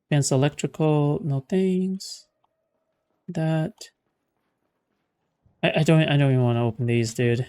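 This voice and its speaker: A man's voice: a little high, unhurried, pauses often, dark tone, clear, resonant tone. A man streaming a game live, ranting sarcastically and swearing as he plays. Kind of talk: live gameplay commentary.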